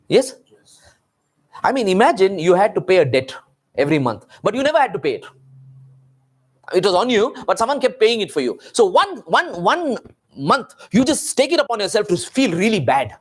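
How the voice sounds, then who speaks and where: A man's voice: high voice, very animated, moderate pace. A man preaching a sermon to his congregation, firing off rhetorical questions and talking straight to the people in front of him. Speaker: pastor. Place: church meeting.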